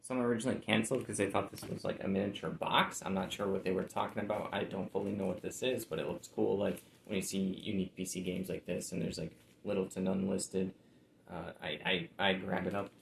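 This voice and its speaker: A man with a low, gravelly voice talks in a laid-back, rambling way, full of "like" and "uh". He sounds as though he is in an echoey room, with faint background noise. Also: steady tone, fairly quick. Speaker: reseller showing sold items. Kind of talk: casual chat.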